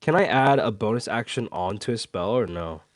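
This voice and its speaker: A man playing a tabletop game, asking hesitant, halting questions about the rules. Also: fairly low pitch, animated, dry recording, clean studio sound. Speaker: player. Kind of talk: casual tabletop play.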